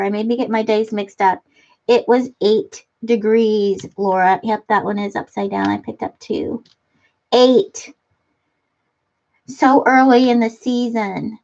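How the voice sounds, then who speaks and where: A woman's voice: fairly high pitch, darkish tone, lo-fi sound. Chatty, giggly woman hosting a craft livestream. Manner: chatty, giggly, talks to viewers. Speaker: livestream host. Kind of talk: casual chat while crafting, reading comments. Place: front room of a house. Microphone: computer webcam mic.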